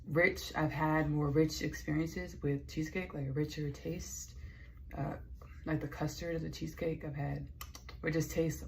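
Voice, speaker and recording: A woman's voice: low-pitched, creaky, slight background noise. A Texan woman rambling casually in a vlog, playful and chatty with lots of asides. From Texas. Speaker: vlogger.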